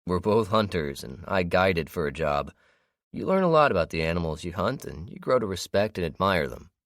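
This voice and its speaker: A man reading an audiobook, voicing a calm, patient hunter who explains things at length. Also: deep voice, normal speed, no room sound, clean studio sound. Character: grown man, a hunter and guide, calm and steady.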